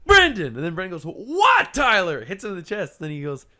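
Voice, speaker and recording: A man's voice: on the high side, expressive, quick pace, sharp tone. A man in a casual podcast chat, telling stories and acting out other people's voices, swearing freely. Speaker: podcast co-host.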